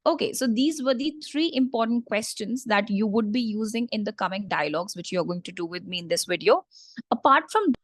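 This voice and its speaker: A woman teaching a French lesson in English, patiently repeating each word slowly for learners. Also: mid-range voice, animated, no echo, studio quality. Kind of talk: online language lesson.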